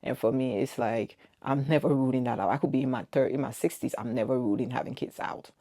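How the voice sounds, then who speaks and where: Woman in her 40s vlogging at home, gravelly voice, earnest and emotional, dry close sound. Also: rumbling low, fast talker, mellow, dry recording. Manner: earnest, emotional retelling with quoted dialogue. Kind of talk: personal story to camera.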